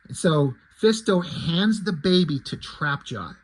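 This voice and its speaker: Husky man recapping his comic. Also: on the high side, animated, unhurried, rough recording. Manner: loose, rambling with fillers. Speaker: comic creator. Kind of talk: casual story recap.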